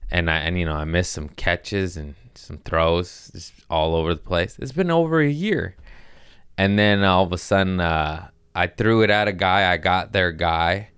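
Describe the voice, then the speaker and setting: A young man hosting a podcast, hoarse from screaming and sore, telling comedic stories in a casual chat. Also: low-pitched, moderate pace, fairly bright tone, no echo, studio quality. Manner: laughing through pain, sore and winded. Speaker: podcast host.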